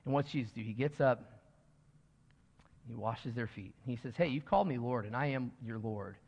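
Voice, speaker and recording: A man's voice: medium pitch, normal speed, darkish tone. A man preaching a sermon as pastor, earnest and rising to emphatic points, with casual fillers. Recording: dull sound in a long reverberant hall.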